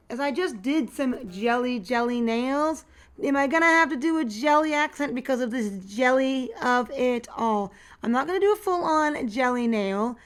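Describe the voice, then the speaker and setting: A chatty woman vlogger talking her way through an unboxing and a nail painting session. Her voice sits a little high, and she muses aloud in a relaxed, home-made way. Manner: chatty, thinks aloud, excited squeals. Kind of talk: casual unboxing and nail tutorial chat.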